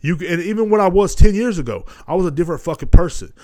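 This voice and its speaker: A man in his thirties hosting a solo podcast, talking in a rambling, profane monologue that swings between loud ranting and low muttering. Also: lively intonation, fast. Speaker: podcast host.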